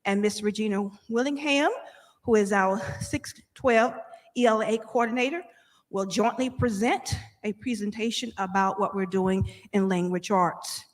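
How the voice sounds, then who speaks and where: A woman's voice: medium pitch, normal speed. A woman administrator gives an orderly, formal presentation at a board meeting. Her mid-range voice has the long reverb of a large boardroom. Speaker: school district administrator.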